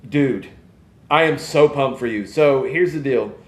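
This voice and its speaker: A man, hosting a casual live podcast and rambling in an animated way. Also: mid-range voice, unhurried, roomy sound. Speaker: podcast host. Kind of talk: casual live-stream chat.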